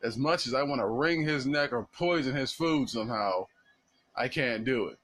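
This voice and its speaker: A man's voice: medium pitch, animated, moderate pace, fairly bright tone, lightly acted. A man voicing an enslaved husband who firmly explains why he could not fight back. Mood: resolute pleading. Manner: pleading yet resolute. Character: desperate enslaved husband, firm and protective.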